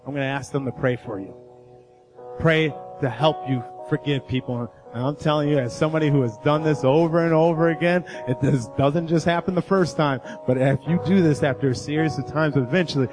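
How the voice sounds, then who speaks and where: A man's voice: fairly high pitch, fairly quick, music in the background. Male preacher telling a story. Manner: storytelling preacher, rising intensity, urgent appeals. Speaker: guest speaker. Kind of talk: sermon. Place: church sanctuary.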